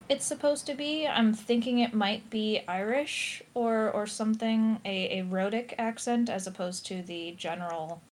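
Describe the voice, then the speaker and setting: An American woman in casual discussion, analytical and thinking aloud with restarts and fillers. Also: mid-range voice. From United States. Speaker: podcast co-host.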